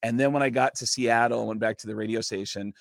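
A man guesting in a studio, telling a long story in an animated, casual way and swearing freely. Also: medium pitch, fast talker, gravelly, no room sound. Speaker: comedian and impressionist guest.

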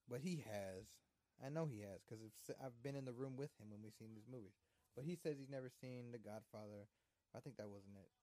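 Man, casual movie chat host, rambling and profane, warm mellow tone, dry close sound. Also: medium pitch, no echo. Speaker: movie watch-along podcast host.

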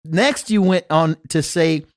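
A male talk-show host with a slightly high voice, speaking in a loose, casual way. He stumbles and repeats words as he sets up his questions. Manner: halting, repeats words while restarting. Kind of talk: casual interview chat.

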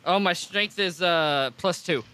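A man's voice: high-pitched, a little slow, pushed and bright. A man playing a tabletop role-playing game, talking in a hesitant, stumbling, apologetic way. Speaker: player. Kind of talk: casual tabletop play.

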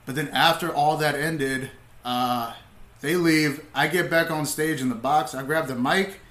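A young man, a comedian, telling stories in laid-back casual talk, swearing freely and getting animated as he retells. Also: fairly high pitch, measured pace, echoey room. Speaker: comedian, podcast guest. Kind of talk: casual storytelling.

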